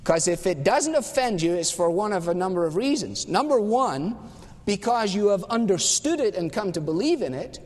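A man preaching a sermon in a chatty, emphatic storyteller's manner, with dry wit. His voice is high for a man. A long reverb trails each phrase, as in a large hall. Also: very animated, moderate pace, darkish tone. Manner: conversational storytelling, wry, emphatic.

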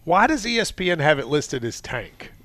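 A man's voice: on the high side, dry recording. A man co-hosting a sports talk show, talking casually and playfully, arguing over picks with animation. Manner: animated, playful, quick to argue.

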